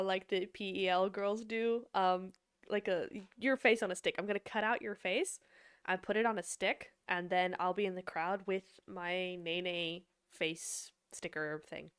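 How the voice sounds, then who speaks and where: A young woman casually chatting with her livestream chat as an esports caster and analyst, bubbly and quick to laugh. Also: medium pitch, fairly even intonation, a bit bright, clear, resonant tone, no room sound, clean studio sound.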